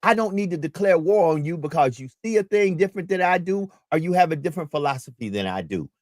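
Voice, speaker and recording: A man's voice: fairly high pitch, animated, fast, a little mellow, dry recording, clean studio sound. A man hosting a community talk radio show, speaking in an emphatic, preacherly way and repeating his key points.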